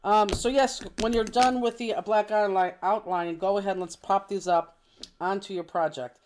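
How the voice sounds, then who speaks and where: A woman's voice: medium pitch, fairly even intonation, normal speed, darkish tone. A woman running a live online craft class in a loose, talkative way. She teases her co-host and hunts for words with ums and restarts. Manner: chatty and teasing, with many ums and restarts. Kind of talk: casual chat during a live online class.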